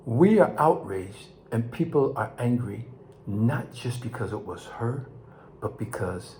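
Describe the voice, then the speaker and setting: An older man with a low-pitched voice, talking to his viewers with passion. His voice climbs sharply when he is outraged and drops to a low murmur when he reflects. A faint hiss of noise sits under the recording. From Los Angeles, California. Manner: impassioned, rising to near shouts then dropping low. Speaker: vlog host. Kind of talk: emotional monologue to camera.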